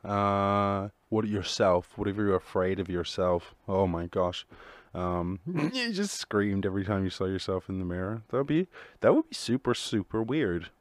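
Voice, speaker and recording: A man talks alone into the mic in a deep voice, musing in a loose, jokey way and swearing freely as he goes. The sound is close and dry, with no room around it. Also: expressive, normal speed, no room sound. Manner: rambling, profane, jokey. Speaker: podcast host. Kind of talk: solo casual monologue.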